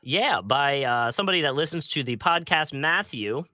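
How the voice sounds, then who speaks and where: A young man with a bright, tense tone chats casually on a podcast, rambling through his stories with plenty of laughter. His pitch runs a bit high for a man, and the sound is dry and close. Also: expressive, moderate pace, dry recording. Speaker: podcast co-host. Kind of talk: casual chat.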